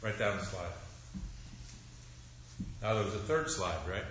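A middle-aged male pastor tells the children a story in an animated, expressive way, speaking slowly. His voice is low yet bright. It was recorded in a church with a very strong echo and faint background noise. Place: church sanctuary. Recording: echoey church room.

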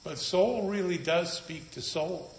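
A man's voice: sits high, slow, gravelly, a little hiss or hum. A man preaching a sermon in a conversational, storytelling manner with wry humor. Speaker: pastor. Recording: echoey room.

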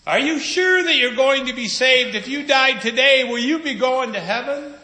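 A man voicing a pushy male street evangelist who questions people insistently in a raised, high voice. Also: expressive, moderate pace, pushed and bright, heavily acted. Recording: echoey room.

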